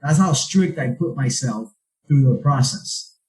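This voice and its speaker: A man talking casually as a podcast guest, with a mellow, warm tone. He tells his stories with animation, jumping up in pitch when he acts out what people said. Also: a little slow, rough recording. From South Florida. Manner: animated storytelling, acts out quotes with raised pitch. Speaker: real estate investor guest.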